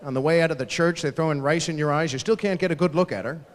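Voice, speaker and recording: Telling stories onstage at a live fundraiser, the comedian animatedly mimics his family in brief asides. He speaks a little high, and the large ballroom gives the sound a long, echoing reverb.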